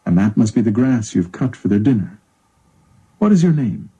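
A man reading the lines of a kind adult male hermit in a quiet, reassuring voice. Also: lowish voice, big pitch swings, normal speed, slightly rough, lo-fi sound, heavily acted. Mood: gentle.

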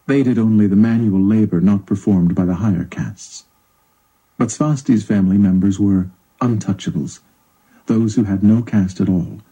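Man, story narration, dark mellow tone, breathy husky voice. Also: on the low side, normal speed, low-quality recording. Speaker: audiobook narrator.

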